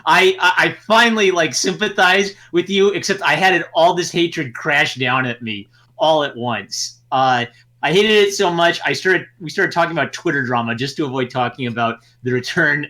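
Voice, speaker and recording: A man hosting a podcast, chatting casually with animated, exasperated ranting. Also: on the high side, normal speed. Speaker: podcast host. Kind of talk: casual chat.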